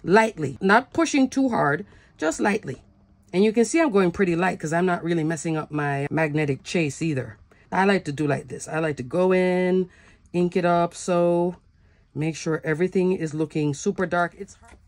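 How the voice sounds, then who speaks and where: Lady walking thru a card craft demo, kinda low voice, chatty, dry close sound. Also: moderate pace, dry recording. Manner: chatty, talks through each step, laughs at herself. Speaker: craft tutorial host.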